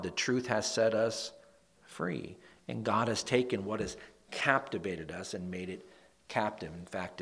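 Husky low-voiced male pastor preaching. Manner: emphatic, swings from soft breathy asides to loud declaiming. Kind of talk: sermon.

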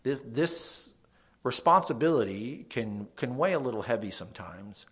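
A young man with a nasal voice, a pastor preaching a sermon, dropping to soft asides and rising to loud emphasis. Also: mid-range voice, lively intonation, normal speed, slightly rough.

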